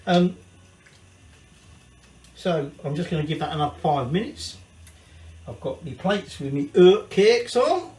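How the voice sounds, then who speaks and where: Scottish male cooking host, slightly high voice, rambling and sweary, roomy echoey kitchen sound. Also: darkish tone. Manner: chatty, rambling, sweary asides. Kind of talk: casual cooking demonstration. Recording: echoey room.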